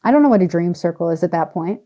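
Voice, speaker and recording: A woman, a podcast guest, tells a personal story in animated, emphatic conversation and slows down or speeds up for effect. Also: lowish voice.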